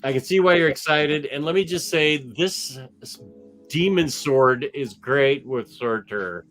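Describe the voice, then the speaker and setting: Easygoing, joking co-host, bright voice. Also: male voice, a little high, unhurried, soft background music. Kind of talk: casual live-stream chat.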